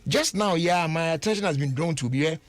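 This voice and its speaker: A man's voice: on the high side, brisk. A Ghanaian man hosting a radio talk show, chatty and full of restarts and rhetorical questions. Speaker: radio host.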